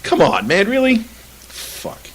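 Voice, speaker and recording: A man's voice: high voice, huge pitch swings, slow, background noise. A man co-hosting a casual soccer podcast, ranting with lots of swearing and frequent laughter. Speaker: podcast co-host.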